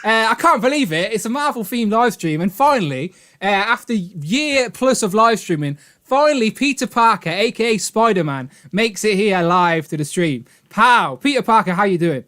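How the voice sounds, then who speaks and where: High-voiced, chatty British man hosting a stream. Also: expressive, moderate pace, few pauses, fairly bright tone. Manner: chatty and upbeat, often laughing. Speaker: live stream host. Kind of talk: casual live stream chat. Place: home streaming setup.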